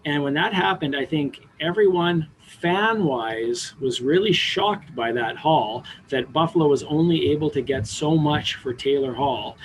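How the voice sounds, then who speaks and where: A man's voice: on the high side, slight background noise. A man leading a casual sports podcast discussion, setting up topics and asking his co-hosts questions. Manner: leads discussion, asks panel questions. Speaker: podcast host.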